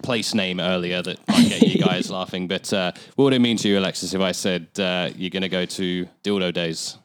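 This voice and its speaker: A man with a very deep voice co-hosts a casual podcast. He asks questions in a loose, joking manner. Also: fairly even intonation, fairly quick, clean tone. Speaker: podcast co-host.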